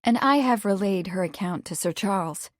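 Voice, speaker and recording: A woman voicing a lady sleuth who speaks gently and practically. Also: medium pitch, lively intonation, moderate pace, no room sound, studio quality, close to an everyday voice. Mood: gentle.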